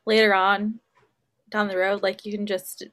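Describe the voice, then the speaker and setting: A woman chatting casually, reacting with quick, supportive comments and a lot of giggling. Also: medium pitch, little pitch movement, fairly bright tone. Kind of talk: casual chat.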